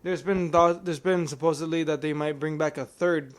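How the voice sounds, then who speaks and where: A man's voice: on the high side, fairly even intonation, moderate pace. A man co-hosting a casual movie podcast, blunt, profane and jokey. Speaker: podcast co-host.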